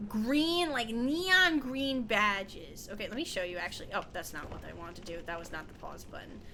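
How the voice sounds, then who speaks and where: Bright, high-voiced young woman streamer. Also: a little hiss or hum, poor audio. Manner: chatty, self-deprecating, swears freely, often laughs. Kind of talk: casual gameplay commentary.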